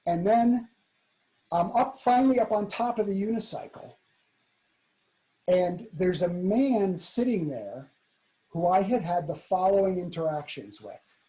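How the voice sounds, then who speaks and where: A man telling a personal story at a talk, acting out the people he quotes in a hushed voice. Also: sits high, rough recording. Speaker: keynote speaker.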